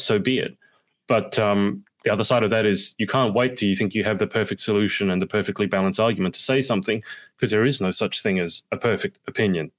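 Lower-voiced guy hosting a chat, gets animated telling stories. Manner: animated storyteller, rising pitch when acting out quotes. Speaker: podcast host. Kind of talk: casual chat, reading viewer comments.

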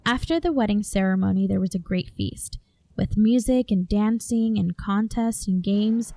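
A woman's voice: medium pitch, normal speed, warm tone. A young woman co-hosting, chatting casually and reading a story aloud. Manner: chatty, lots of fillers like 'like'. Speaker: podcast co-host.

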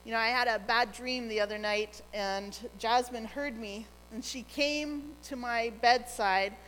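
A middle-aged woman preaching a sermon as pastor, earnest and gentle, dropping to a near hush on key phrases. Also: on the high side, steady tone, unhurried, in a large hall, slight background noise, rough recording.

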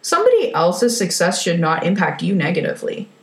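A woman speaks in a casual motivational monologue, frank and emphatic, with offhand swearing. Her voice sits a little low for a woman. The room around her is echoey. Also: wildly swooping pitch, fairly quick. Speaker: self-help speaker.

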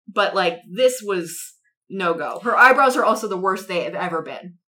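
A woman hosting a casual movie podcast, summarizing a film in a quick, wry way with sarcastic asides. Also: mid-range voice, lively intonation, bright, forceful tone.

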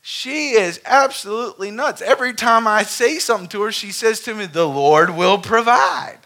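Exasperated, lecturing male tax agent, bright edge, as a preaching man puts him on. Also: sits high, huge pitch swings, unhurried, voice pushed up, heavily acted.

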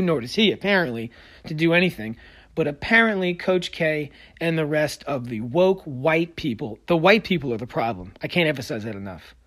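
Man, podcast host, solo rant, heated, sarcastic, slightly high voice, loud bursts and low mutters. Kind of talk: solo sports opinion rant.

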